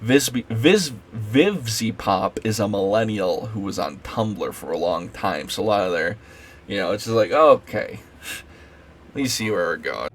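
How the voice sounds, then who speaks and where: A man's voice: lowish voice, expressive, normal speed, husky, soft background music. A man giving an unscripted late-night rant as a video creator, rambling with many fillers and restarts.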